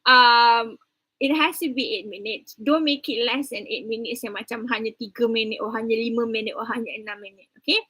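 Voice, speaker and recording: Lively, bright-voiced Malaysian woman lecturer. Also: on the high side, a little fast, breathy edge, no echo, rough recording. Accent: Malaysian English. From Kelantan, Malaysia. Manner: chatty, teasing, mixes English and Malay. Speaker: university lecturer. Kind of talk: online class briefing.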